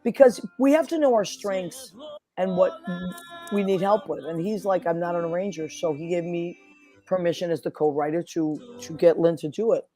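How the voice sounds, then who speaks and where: A woman hosting a casual chat, telling lively stories and acting out what people said. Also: lowish voice, moderate pace, soft background music. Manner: animated storyteller, acts out quotes. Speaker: podcast host. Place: New York.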